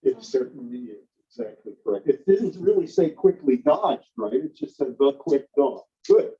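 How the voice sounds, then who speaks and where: A man's voice: medium pitch, expressive, moderate pace, slightly rough, muffled recording. A man teaching a grammar class, patiently calling on students by name and explaining parts of speech.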